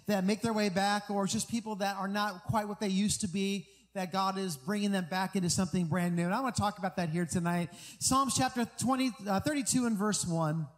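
A man's voice: sits high, in a large hall. A middle-aged American pastor preaching an earnest, conversational sermon, often restarting his sentences.

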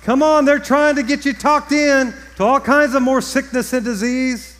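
Male pastor, high voice, fervent sermon delivery, long church-hall reverb. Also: fairly even intonation, normal speed. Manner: builds to fervent shouting, stammered repeats.

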